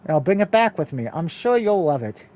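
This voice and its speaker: A cheerful, caring young man reassures his little sister in a game's story, his voice high and mellow, as a man reads his lines. He speaks gently and fondly. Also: big pitch swings, fairly quick. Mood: reassuring. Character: kind cheerful older brother, student.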